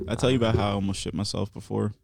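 A man's voice: lowish voice, steady tone, fast, gravelly, a little mellow, slight background noise. Laughing man rambling through a story. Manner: laughing often, rambling and swearing. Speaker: podcast co-host. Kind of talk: casual chat.

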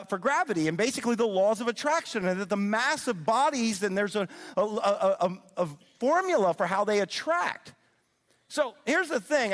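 A middle-aged man giving an animated sermon-style teaching, often checking in with his listeners. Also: high voice. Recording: long reverb of a large hall.

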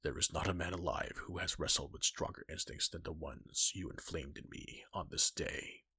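A man voicing a stern, gruff older warrior god in a fan-fiction reading, with a low, half-whispered delivery. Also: steady tone, normal speed, sharp tone, a little hiss or hum. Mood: brooding.

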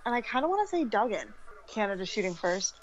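A woman's voice: mid-range voice, sing-song, quick pace, highs cut off. A woman co-hosting a podcast, calling plays live and joking dryly while anxious. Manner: play-by-play calls, dry jokes, anxious. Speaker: podcast co-host. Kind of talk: live reaction commentary.

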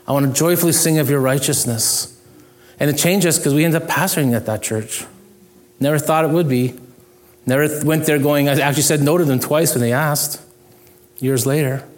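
Middle-aged male pastor, slightly higher pitch; earnest conversational sermon with self-deprecating jokes. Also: fairly quick.

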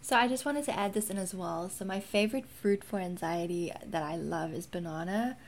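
A woman's voice: fairly low pitch, a little fast, a little hiss or hum. A woman from South Africa with a mixed South African accent, chatting casually in a vlog, rambling with lots of ums. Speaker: wellness content creator.

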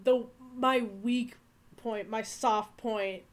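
Young woman, casual co-host chat, high voice, quick expressive reactions. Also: a little hiss or hum.

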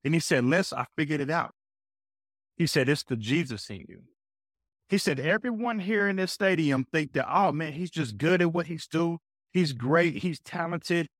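A man guesting on a podcast, telling a personal faith story with an energetic, preacher-like delivery. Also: a little high, moderate pace, no room sound, studio quality. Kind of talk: casual faith talk.

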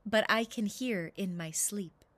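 A woman voicing a playful, teasing female donkey in a storybook, pitched high and quick. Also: a bit bright, no echo.

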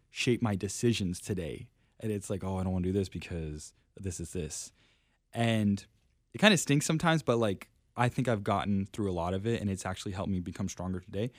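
A man's voice: fairly low pitch, darkish tone, dry recording, clean studio sound. A young man on a faith podcast, telling personal stories in a casual, self-deprecating way and laughing often. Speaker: podcast guest. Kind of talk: casual storytelling chat.

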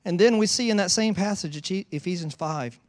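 A man's voice: sits high, moderate pace, no room sound, clean studio sound. A man preaching a sermon in a church, telling stories with playful teasing. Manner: animated storytelling with playful teasing. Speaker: pastor.

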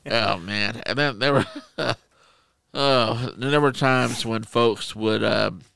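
Gravelly, animated male storyteller. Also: medium pitch, takes it slowly, no echo. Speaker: podcast co-host. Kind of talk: casual chat.

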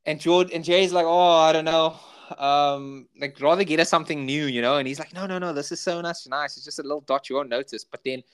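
A man's voice: on the high side, fairly even intonation, fairly quick, hardly any pauses, clear, resonant tone. A man with a South African accent, co-hosting a podcast, rambling through episode recaps in casual chat full of filler words. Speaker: podcast co-host.

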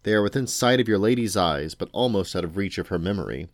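A man voicing an aloof, sleepy male cat in a storybook, speaking slowly and cryptically. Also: low-pitched, lively intonation, dry recording, clean studio sound. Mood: drowsy cryptic. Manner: slow, lazy and cryptic. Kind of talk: storybook read-aloud.

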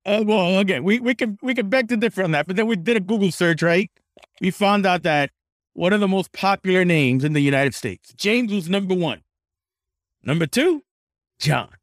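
A man's voice: high voice, lively intonation, normal speed, no echo, studio quality. A man co-hosting a podcast, chatting casually, tagging on "right?" and swearing now and then. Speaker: podcast co-host.

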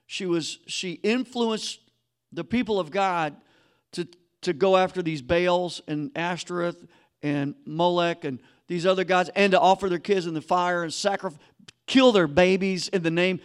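Emphatic high-voiced male preacher. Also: measured pace, clean tone. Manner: emphatic preaching, drops to a hushed voice then rises. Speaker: pastor. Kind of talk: sermon.

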